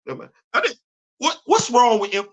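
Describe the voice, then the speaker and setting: A man's voice: extremely high pitch, big pitch swings, a little fast. A man hosting his own show, ranting in casual, emphatic, slangy commentary. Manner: emphatic, exasperated, loose slangy talk. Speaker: podcast host.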